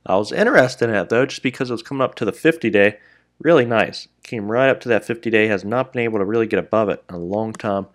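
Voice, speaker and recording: A day trader hosting his own channel gives live commentary, talking quickly to viewers he calls traders and guys. When a trade goes wrong, he openly scolds himself. His voice is on the low side.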